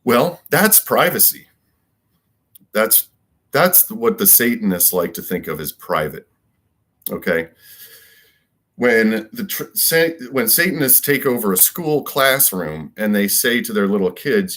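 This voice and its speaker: A man's voice: on the low side, sing-song, unhurried, a bit bright. A man giving a rambling solo monologue as a commentator, emphatic and repetitive and full of rhetorical questions. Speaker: political commentator.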